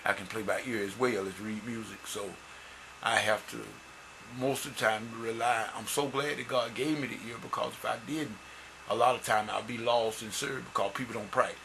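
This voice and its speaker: Earnest gravelly man preaching. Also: fairly even intonation, normal speed, background noise. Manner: earnest preaching, rising louder and higher as he builds; folksy, repeats words and restarts. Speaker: church musician and lay preacher. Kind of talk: informal sermon with scripture reading.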